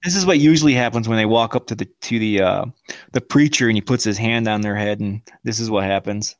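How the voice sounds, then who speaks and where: A man's voice: fairly low pitch, a little fast, dry recording. A married man co-hosting a podcast, chatting casually with heavy swearing and frequent laughter. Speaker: podcast co-host. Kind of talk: casual profane chat.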